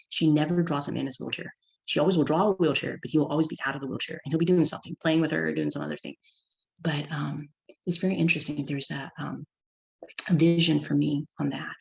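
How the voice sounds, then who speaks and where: A woman's voice: low-pitched, vocal fry, low-quality recording. A middle-aged woman from California giving a personal testimony talk as guest speaker, telling a story and acting out her child's lines.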